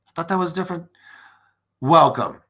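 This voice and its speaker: Gravelly, bright-voiced male stream host. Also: fairly high pitch, moderate pace. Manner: rambling, many restarts and fillers, earnest. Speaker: podcast host. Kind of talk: casual live-stream chat reading viewer comments.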